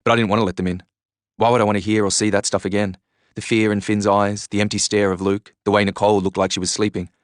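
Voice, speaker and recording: A low-voiced man narrates a novel in the first person, steady and earnest. The read is close and dry, with no room around it. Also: quick pace, no echo. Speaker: reader. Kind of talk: audiobook narration.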